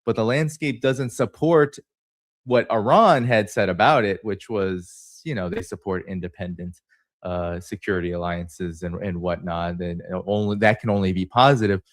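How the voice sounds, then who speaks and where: A man's voice: fairly low pitch, moderate pace, dry recording, studio quality. A man hosting an interview, asking long, rambling questions full of fillers. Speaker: show host.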